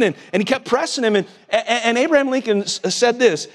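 Fast, high-voiced preacher man. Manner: folksy, excitable, repeats words and restarts. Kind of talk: sermon. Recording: long hall reverb.

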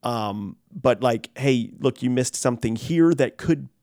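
A man in casual conversation, talking in a supportive and reflective way with some halting phrases. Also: medium pitch, darkish tone, no room sound, studio quality.

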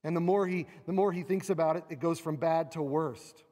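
A man delivers a sermon with an expressive, animated manner, slipping into quoted cries of lament. His voice sits fairly high for a man. It rings out with long reverb from a large hall. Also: a little fast. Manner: expressive, acts out quoted laments with rising pitch. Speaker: preacher.

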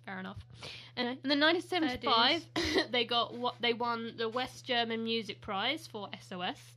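British woman co-host, bright and slightly high voice, giggly rambling chat. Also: moderate pace. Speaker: podcast co-host. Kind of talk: casual chat.

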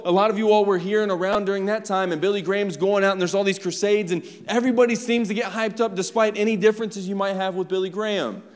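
A man preaching a sermon in a conversational style, speaking directly to his congregation. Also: sits high. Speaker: pastor. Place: church sanctuary. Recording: long reverb of a church hall.

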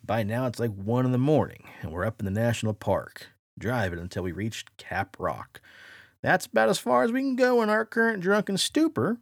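A male podcast host retelling a wild story in first person, animated and dramatic, slipping into quoted voices now and then. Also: mid-range voice, normal speed, no room sound, clean studio sound.

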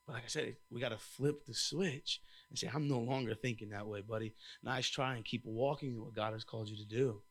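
A young man preaching a sermon, telling lively personal stories and calling out to the congregation. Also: mid-range voice, brisk, few pauses. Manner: lively storytelling with crowd call-outs. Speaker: church intern preaching.

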